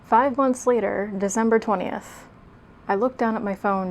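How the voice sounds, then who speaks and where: A woman's voice: on the high side, fairly even intonation, normal speed, darkish tone, slight background noise. A young woman reading her old fan fiction aloud, mocking it with sarcastic, self-deprecating asides and laughing at herself. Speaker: video creator.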